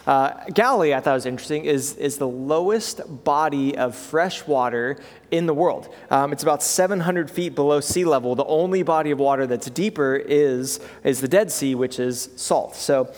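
A man's voice: on the high side, moderate pace, big-room sound. A man preaching a sermon as pastor, in a conversational way, with frequent fillers and "right?" check-ins to the congregation.

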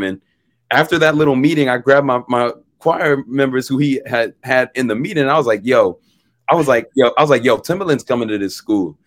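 A young man tells a story as a guest on a chat show, relaxed and lively. He laughs easily and acts out other people's lines. His voice sits at an ordinary middle pitch, recorded close and dry with no room sound. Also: no room sound. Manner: animated, laughing storyteller who acts out quotes. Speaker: guest musician. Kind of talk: casual interview storytelling.

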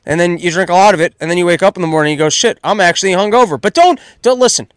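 Male podcast host, 30s, higher voice, loud exasperated comic ranter, dry booth. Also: expressive, very fast, clear, resonant tone, dry recording. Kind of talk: solo comedic commentary rant.

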